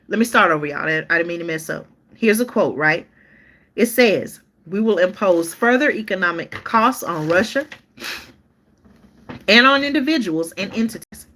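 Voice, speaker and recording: A woman's voice: medium pitch, pushed and bright. A woman hosting a live-stream news show, reading articles aloud in a chatty way and talking straight to her viewers, often stopping to restart or look things up.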